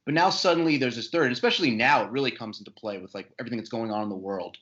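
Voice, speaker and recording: A man's voice: medium pitch, rapid-fire, a bit bright, dull audio. A man who is a guest on a podcast, chatting with wry, self-deprecating humor. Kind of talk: casual chat.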